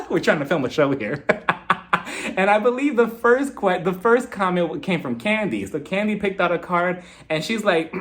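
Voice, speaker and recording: A young man with a slightly high voice recaps a reality show episode. He talks in a chatty, sassy way and acts out what the cast members say. He is a casual commentator who keeps the energy up. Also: expressive, normal speed. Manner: chatty and sassy, acting out the cast's lines.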